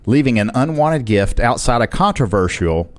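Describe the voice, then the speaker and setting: Male co-host, animated pitch, playful quips over news reads. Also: normal speed. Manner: playful wisecracks, lively. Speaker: co-host reading news stories. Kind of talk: casual banter reading news.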